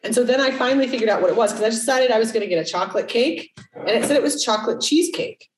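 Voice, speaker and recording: A middle-aged woman co-hosts a podcast, chatting casually and candidly, swearing freely and acting out the voices she quotes. Her fairly high voice races along over a noisy background, sounding roomy and a bit far from the mic.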